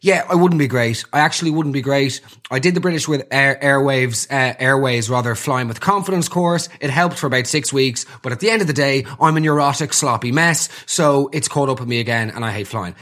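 A man's voice: mid-range voice, brisk, hardly any pauses, fairly bright tone. A man in his thirties with an Irish accent, hosting a comedy podcast with sardonic, rambling, self-deprecating rants. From Ireland. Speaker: podcast host.

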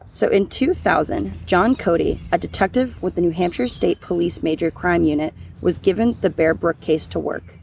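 A woman's voice: lowish voice, moderate pace, creaky, darkish tone, a little hiss or hum. A woman co-hosting a true crime podcast, reading the case as a script and then chatting loosely about it with many restarts. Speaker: podcast co-host.

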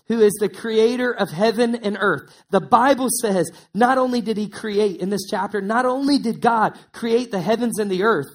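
A man pastor preaching a sermon in a conversational way, repeating words for emphasis. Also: sits high.

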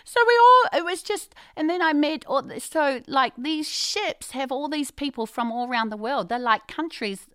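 A woman telling lively faith stories as a guest, exuberant, with loud bursts of excitement and sudden quiet, near-whispered asides. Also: sits high, normal speed, hardly any pauses, no echo, studio quality. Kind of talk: enthusiastic Christian testimony.

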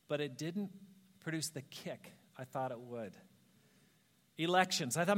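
High-voiced man preaching in a reverberant hall. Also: normal speed. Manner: animated, self-mocking storyteller who laughs at himself. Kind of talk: storytelling sermon. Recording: long reverb of a large hall.

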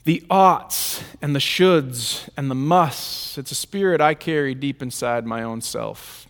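A man's voice: mid-range voice, unhurried, hardly any pauses. A man preaching a sermon in a church, speaking with emphatic rhythm and repeated lists. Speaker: pastor. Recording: reverberant hall.

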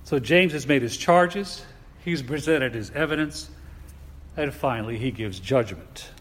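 A man preaching a sermon in a deliberate, emphatic way, asking his listeners rhetorical questions. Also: mid-range voice. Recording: long hall reverb.

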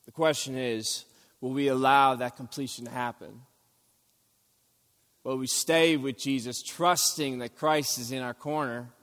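A man's voice: mid-range voice, fairly bright tone, long reverb tail. A man preaching a sermon as pastor, earnest and rising for emphasis. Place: church sanctuary.

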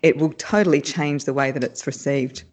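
A woman's voice: low-pitched, moderate pace, darkish tone. A woman, a voice coach explaining her work as an interview guest, laughing often. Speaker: voice and speech coach.

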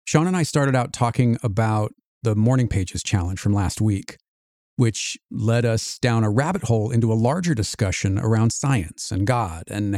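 A man's voice: fairly low pitch, warm tone, dry recording, studio quality. A man hosting a podcast, introducing the episode and chatting in an easygoing, reflective way. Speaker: podcast host. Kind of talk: casual chat.

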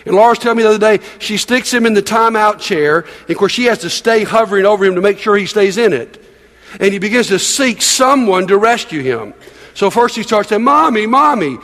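An older man, a pastor with grandchildren, preaches a sermon conversationally, posing questions to the congregation and repeating words. His voice is high, a little fast, and fairly bright, carried by the long reverb of a large hall.

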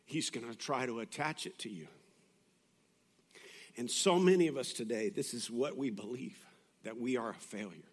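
A male pastor preaching a sermon in a conversational way, moving from hushed, intimate passages to loud, urgent appeals. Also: mid-range voice, fairly quick. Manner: conversational, with restarts and asides.

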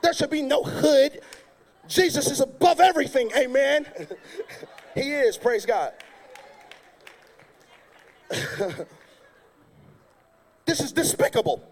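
Very high-voiced joking male preacher. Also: slow pace, pauses often, a faint crowd. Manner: lively, joking, colloquial and loud at times. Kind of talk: sermon with comic storytelling.

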